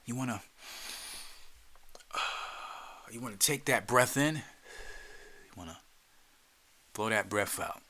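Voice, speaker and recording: Jersey-accented male podcast host, bright voice, streetwise coaching that slips into whispers. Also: fairly low pitch. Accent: New Jersey. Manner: loose and streetwise, repeats words, drops into whispers. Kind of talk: casual guided instruction.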